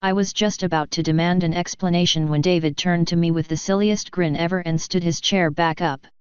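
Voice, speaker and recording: Smooth-voiced woman narrating a fanfic. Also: on the low side, steady tone, a little fast, dry recording, dull audio. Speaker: fanfiction reader. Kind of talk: storybook narration.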